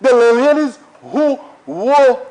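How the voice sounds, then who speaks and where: A man's voice: extremely high pitch, sing-song, slow, a little mellow, poor audio. A Saint Lucian man, a member of parliament, giving an emphatic, repetitive debate speech in a parliament chamber while he keeps addressing the Speaker.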